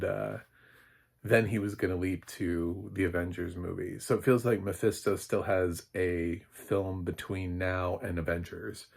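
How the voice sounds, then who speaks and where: Low husky-voiced man reviewing TV. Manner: rambling, loose and chatty, lots of fillers and chuckles. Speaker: film critic. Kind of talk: casual spoken TV recap.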